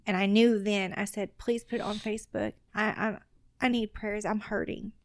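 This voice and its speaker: As a guest on a podcast, a woman with children earnestly tells her personal story, acting out what other people said in lively retellings. Her mid-range voice moves at a normal speed, and the recording is dry.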